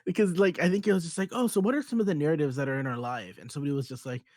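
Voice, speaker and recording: A man's voice: on the high side, very fast, dry recording. Young man telling stories animatedly, dry sound. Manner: animated storyteller, acts out quotes, swears. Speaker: podcast co-host. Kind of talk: casual chat.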